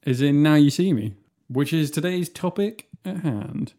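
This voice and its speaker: An English man chatting on a podcast, his voice mellow and dark-toned. He jokes constantly and likes to slip into silly impressions of famous people. The talk is loose and relaxed. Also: a little high, measured pace. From England. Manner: joking, does silly impressions. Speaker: podcast co-host. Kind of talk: casual chat.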